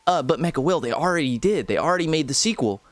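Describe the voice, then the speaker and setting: A man's voice: a little high, expressive, fast, no room sound, soft background music. A young man livestreaming a video game, giving casual, jokey commentary with big exclamations.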